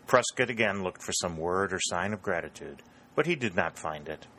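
Deep-voiced male audiobook narrator. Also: animated, normal speed, bright, forceful tone, slight background noise, poor audio. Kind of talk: scripted narration.

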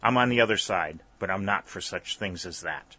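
A man reading aloud plays a determined young man who speaks loud and clear. The voice is bright, the recording dry and slightly dull. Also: low-pitched, normal speed. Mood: earnest.

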